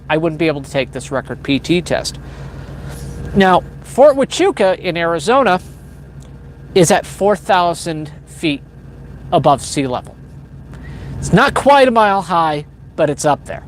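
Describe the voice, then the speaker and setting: A man with a slightly high voice tells a long story to his livestream chat. He rambles and corrects himself mid-sentence and chuckles between beats. A faint hiss of noise sits under the voice. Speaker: livestream host. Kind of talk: casual spoken storytelling to a live chat.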